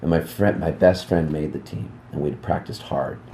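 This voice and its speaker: A man in his fifties, a musician, telling rambling, animated anecdotes in a casual interview backstage at a music club. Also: rumbling low, normal speed, echoey room, a little hiss or hum. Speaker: musician guest.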